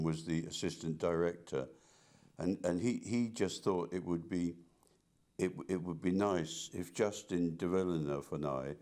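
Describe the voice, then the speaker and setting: An older man with a very low, deep voice talks through his memories in a relaxed interview. He stumbles and restarts often and repeats words as he goes. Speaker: interviewee, artist. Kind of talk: casual reminiscing conversation.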